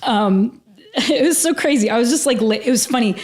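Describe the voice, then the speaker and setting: A woman's voice: fairly high pitch, lively intonation, moderate pace, a little mellow. Earnest woman sharing a personal story. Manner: earnest and emotional, heavy use of "like". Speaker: podcast guest. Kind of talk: casual interview storytelling.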